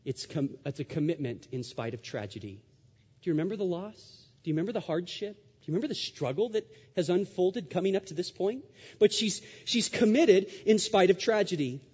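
A man delivers a sermon in a fairly high, mellow voice, pressing his points with rhetorical questions and repetition. His words ring out with a long reverb, as in a large church sanctuary. The sound is a little dull and muffled. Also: lively intonation, fairly quick, breathy edge. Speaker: pastor.

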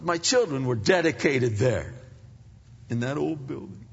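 An older man from Pennsylvania preaching a sermon as a pastor, talking conversationally and swinging between loud stretches and hushed ones. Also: medium pitch, lively intonation, a little slow, gravelly, a little hiss or hum. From Pennsylvania, United States. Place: large church sanctuary. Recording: dull reverberant hall sound.

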